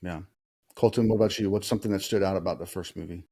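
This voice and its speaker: A man hosting a casual movie podcast, chatting easily with kids, asking them questions and pausing often with "uh". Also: deep voice, fairly even intonation, mellow. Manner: easygoing, asks kids questions, many "uh" pauses. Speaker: podcast host talking with kids.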